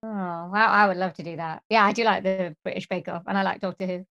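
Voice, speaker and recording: A woman's voice: medium pitch, steady tone, a little fast, a bit bright, muffled recording. Chatty woman with a big voice. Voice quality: big, projecting voice. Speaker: interview guest, singer and presenter. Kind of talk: casual interview chat.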